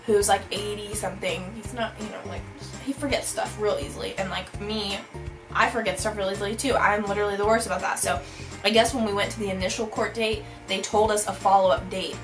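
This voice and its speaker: A young woman telling a storytime vlog, bubbly and animated, saying "like" constantly. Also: mid-range voice, a little fast, music in the background, low-quality recording. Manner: bubbly, animated, heavy use of "like". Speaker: vlogger.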